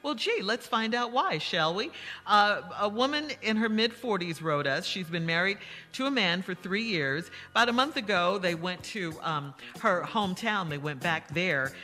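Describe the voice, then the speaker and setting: A woman on a morning radio show gives a listener blunt advice and stretches key words for emphasis. Her voice is bright and forceful. Her studio mic carries a long reverb tail, with faint music behind her. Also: medium pitch, expressive. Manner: frank and scolding, with drawn-out emphasis. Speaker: radio co-host answering listener letters. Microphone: studio microphone.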